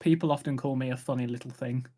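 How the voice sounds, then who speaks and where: A man's voice: medium pitch, steady tone, fast, warm tone. A man with a British accent, a guest on a casual stream, who stumbles and repeats words while making dry jokes. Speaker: guest content creator. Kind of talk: casual chat.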